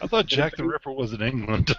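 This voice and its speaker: A man co-hosting a casual podcast, firing off quick quips and laughing at his own jokes. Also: mid-range voice, dull audio, crowd noise. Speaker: podcast co-host. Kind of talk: casual group chat over a card game.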